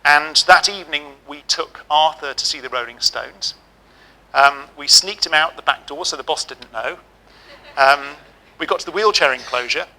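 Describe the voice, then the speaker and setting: A middle-aged man giving a keynote speech, telling lively, humorous stories. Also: medium pitch, low-quality recording. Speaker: keynote speaker. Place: auditorium.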